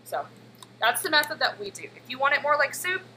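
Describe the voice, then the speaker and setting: A woman's voice: high voice, very animated, a little fast, sharp tone, a little hiss or hum, rough recording. A woman in her thirties in a home kitchen, chatting casually with her live chat while she walks through a recipe. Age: 30s. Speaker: cooking streamer. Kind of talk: casual live-stream cooking demo.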